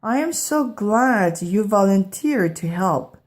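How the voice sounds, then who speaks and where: A woman's voice: mid-range voice, expressive, takes it slowly. A woman voicing a patient, kind female schoolteacher in a children's storybook read-aloud.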